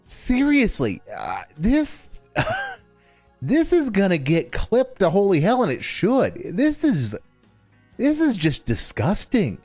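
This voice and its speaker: An exasperated man with a fairly high, lively voice delivers sarcastic, profane commentary on a stream. The recording is dry, with faint music underneath. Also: takes it slowly, dry recording. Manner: exasperated, sarcastic, swears often.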